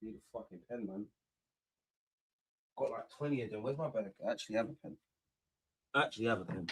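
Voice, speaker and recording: Excitable man reacting to football. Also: fairly low pitch, fairly quick, slight background noise. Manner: excitable, swears a lot, shouts at goals; mutters quietly to himself between outbursts. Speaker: watch-along host. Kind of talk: live football watch-along reaction.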